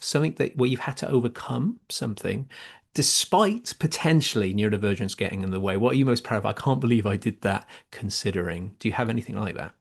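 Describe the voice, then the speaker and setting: A man's voice: medium pitch, creaky. A man hosting a podcast interview, effusive and openly emotional with his guest. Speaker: podcast host.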